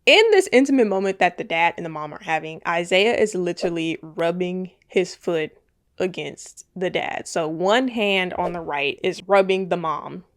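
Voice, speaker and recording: A young woman in her twenties talks through a film's plot in a loose, casual way. She is animated and chatty, tossing in reactions and filler as she goes. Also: fairly low pitch, normal speed. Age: 20s. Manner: animated, chatty retelling with lots of "like". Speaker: movie recap YouTuber. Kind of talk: casual movie recap.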